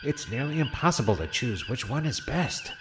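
A man's voice: on the high side, big pitch swings, moderate pace, background noise. A man voicing a giggly, distractible male starship captain in a comedy audio play. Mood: giddy. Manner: giggling, chatty. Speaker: voice actor.

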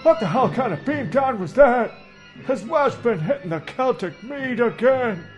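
A fed-up first officer, as a man puts him on, grumbling slowly with irritation. His voice sits high and drags along. Faint music plays behind him. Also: expressive. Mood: irritable. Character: exasperated, grumpy male first officer.

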